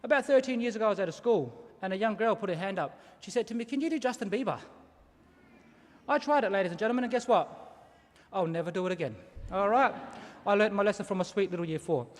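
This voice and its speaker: A middle-aged Australian man, an Aboriginal elder, gives a ceremonial welcome to country in a quick, high voice that rings through a reverberant hall. Lively and engaging, he tells stories and asks the audience to repeat words after him.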